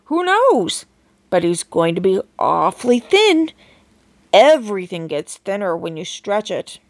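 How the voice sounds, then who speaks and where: A woman's voice: medium pitch, big pitch swings, measured pace, no room sound. A woman reading aloud voices a cheerful, eccentric male chocolate maker who speaks in a bouncy, breezy way in a storybook.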